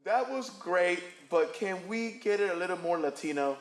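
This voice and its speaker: A man's voice: high voice, animated, normal speed, reverberant, a crowd in the background. A man playing a pushy casting director in a comedy sketch, coaxing an actor.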